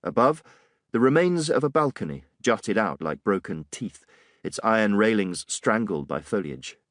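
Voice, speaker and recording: Low-voiced male audiobook narrator. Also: big pitch swings, moderate pace, no echo, clean studio sound. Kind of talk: scripted narration.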